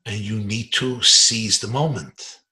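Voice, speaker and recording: A man voicing an elderly rabbi who gives gentle, compassionate counsel in a soft, earnest way. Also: fairly low pitch, takes it slowly, pitched below the performer's own voice, full character voice.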